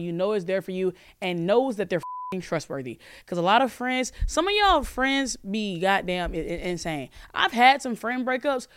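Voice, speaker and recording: A woman in her twenties hosting a podcast, chatting casually and answering calls with animated, profane, joking rants. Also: mid-range voice, clean tone, dry recording, studio quality. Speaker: podcast host.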